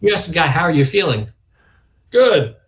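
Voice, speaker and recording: A middle-aged man talks in a relaxed interview with an earnest, reflective manner. His voice has a gravelly edge. He often acts out the words of others as he tells his story. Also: fairly high pitch. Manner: earnest, reflective, quick to emotion, acts out quoted dialogue. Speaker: guest, youth organization leader. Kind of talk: conversational podcast interview.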